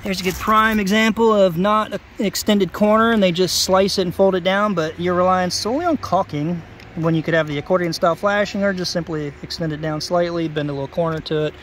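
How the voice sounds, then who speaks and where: A man's voice: high voice, steady tone, brisk, a bit bright, slight background noise. A man, a roofer, walks over a roof outdoors and explains in a folksy, plainspoken way what is wrong with it. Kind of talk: casual walkthrough explaining roof faults.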